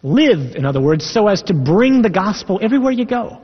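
A man's voice: high voice, very animated, brisk, husky. A man preaching as a Catholic priest, earnest and emphatic, reading scripture aloud and explaining it. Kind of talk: sermon. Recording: echoey hall, dull lo-fi sound.

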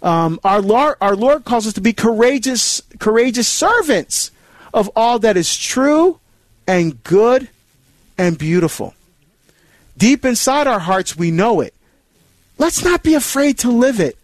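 A man hosting a call-in Catholic radio talk show, animated and halting, often repeating words as he goes. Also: very high voice, no room sound.

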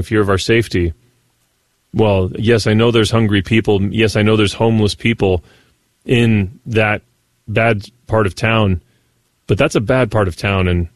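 A man's voice: lowish voice, no room sound. A man hosting a Catholic morning radio show, talking earnestly with a few playful asides. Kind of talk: Catholic radio talk and reflection. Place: radio studio.

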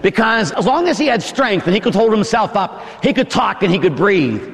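A man preaching a dramatic sermon, impassioned, acting out the scene with shouts and gasps. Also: high-pitched, sing-song, normal speed, gravelly. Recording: long hall reverb.

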